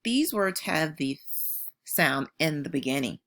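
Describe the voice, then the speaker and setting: Warm-hearted woman teacher, bright lively delivery, slow clear modeling of sounds for young kids. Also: low voice. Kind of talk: phonics lesson for young children.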